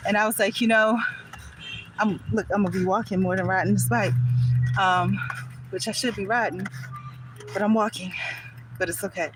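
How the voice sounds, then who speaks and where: Out of breath woman vlogging on the street, rambly and chatty, loud traffic all around. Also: medium pitch. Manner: chatty, rambling, many fillers. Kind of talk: casual storytelling vlog. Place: outdoors on a street, walking a bike. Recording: loud outdoor street noise.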